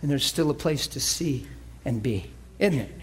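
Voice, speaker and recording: A man's voice: medium pitch, expressive, normal speed. A male preacher delivering an emotional sermon, moving between playful banter, laughter and earnest prayer.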